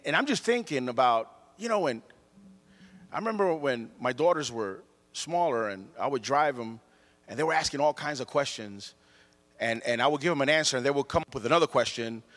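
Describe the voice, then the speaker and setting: A man preaching a sermon in animated storytelling style, often repeating his phrases. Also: mid-range voice, long reverb tail.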